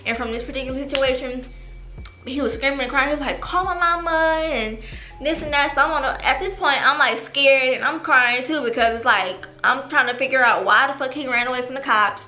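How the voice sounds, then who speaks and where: Young woman, AAVE speech, bright tone, roomy echo, faint music under; animated, profane storyteller. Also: high voice, brisk. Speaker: vlogger. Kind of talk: storytime vlog. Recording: echoey room with music behind.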